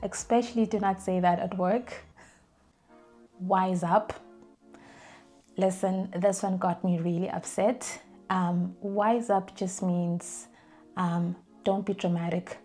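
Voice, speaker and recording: A young adult woman vlogs in a casual, storytelling style, chatty and animated. Her voice sits on the low side, and she uses lots of fillers and restarts while acting out the phrases she quotes.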